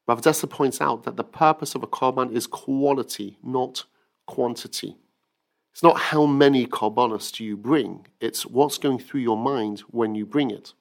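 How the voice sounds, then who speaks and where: A man's voice: mid-range voice, normal speed, creaky. A man giving an earnest weekly Torah talk who tells stories and acts out the quotes. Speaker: rabbi teacher.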